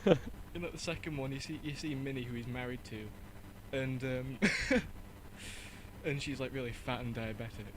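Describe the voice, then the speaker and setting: A man's voice: mid-range voice, steady tone, normal speed, a little hiss or hum, rough recording. A man co-hosting a casual podcast, rambling and self-deprecating, laughing at his own jokes. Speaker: podcast co-host and intro guy.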